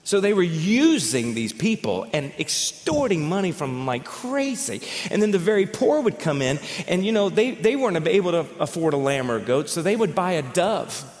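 A man preaching a sermon as pastor, telling stories in an animated way and often repeating words as he goes. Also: fairly high pitch, moderate pace, few pauses. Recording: long reverb of a large hall.

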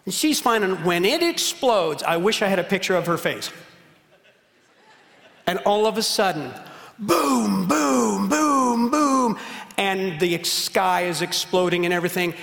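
Middle-aged pastor guy preaching, gravelly voice, big roomy church reverb, goes loud then real quiet. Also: high voice, expressive, normal speed. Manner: impassioned preaching, swings from loud to hushed. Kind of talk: sermon. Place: church sanctuary.

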